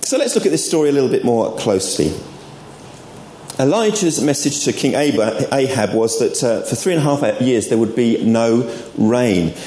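This medium-pitched man speaks with animation at a moderate pace, his tone dark. He is preaching informally to an all-age church service in a church hall, tossing friendly asides to the congregation, captured in an echoey room with faint noise behind him.

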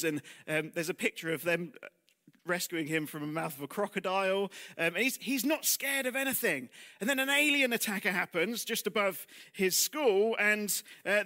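A man's voice: sits high, bright, forceful tone. A man preaching a sermon in church, talking conversationally with rhetorical questions and self-deprecating asides, dropping almost to a whisper on heavy lines.

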